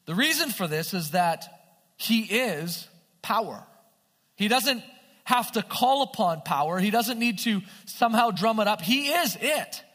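A man preaching a sermon in an animated way, often checking with his listeners through questions. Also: high-pitched, measured pace. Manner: animated, asks the audience questions. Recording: long hall reverb.

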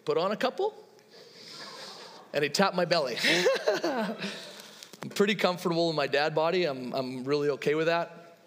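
A man in his thirties preaches to his congregation, slipping easily into personal anecdotes and acted-out conversations. His voice sits slightly high for a man. The sound carries the long reverb of a large hall. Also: animated, moderate pace, vocal fry, fairly bright tone. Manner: conversational storytelling with laughs and quoted dialogue. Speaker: pastor. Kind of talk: sermon.

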